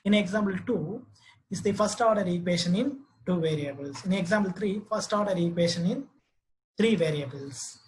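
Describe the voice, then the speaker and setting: A man gives a math lecture, reading out definitions and equations slowly with hesitant fillers. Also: high voice, a little hiss or hum, low-quality recording.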